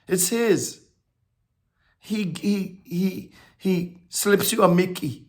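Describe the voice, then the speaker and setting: A high-pitched man preaches a sermon, halting and repeating words as he swings between soft reflection and emphatic declarations.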